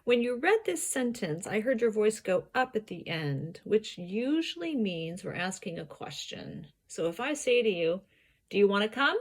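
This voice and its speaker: A woman tutor patiently coaching a student's reading and explaining clearly. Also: mid-range voice, sing-song, moderate pace, hardly any pauses, a little mellow. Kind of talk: gentle coaching.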